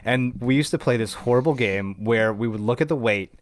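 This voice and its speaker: A man's voice: medium pitch, fairly quick, no room sound. A man, a veteran guest on a podcast, telling casual stories and acting out the voices of people in them. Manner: lively anecdotes, acts out quoted voices. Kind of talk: casual storytelling.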